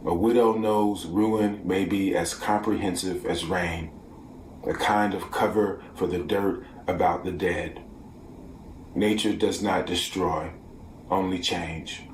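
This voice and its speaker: A man reading his own poetry at a measured, deliberate pace, sometimes sinking to a near whisper. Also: low voice, fairly even intonation. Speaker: poet. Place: room at home, virtual festival. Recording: echoey room, distant from mic, faint background noise.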